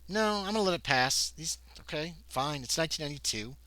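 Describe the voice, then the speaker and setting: A man's voice: a little high, lively intonation, brisk, pushed and bright, no room sound, rough recording. A man playing a solo tabletop horror scenario on a livestream, reading the text aloud and breaking off into muttered asides. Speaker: solo tabletop game player and narrator.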